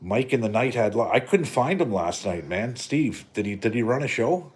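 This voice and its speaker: A middle-aged Canadian man hosts a live stream, rambling, joking and swearing a lot in a casual rant. His voice sits at a medium pitch, expressive and a little mellow, moving at a normal speed.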